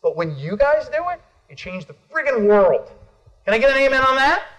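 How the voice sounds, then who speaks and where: A middle-aged American man giving an energetic motivational keynote at a conference, calling on the audience for responses. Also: very high voice, fairly quick. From United States. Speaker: motivational speaker.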